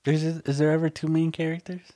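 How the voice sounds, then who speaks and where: A man's voice: fairly high pitch, flat delivery, brisk, mellow. A young man co-hosting a podcast in casual chat, teasing his partner, asking lots of questions and mixing in some Spanish. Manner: teasing, asks many questions, mixes in Spanish. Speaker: podcast co-host.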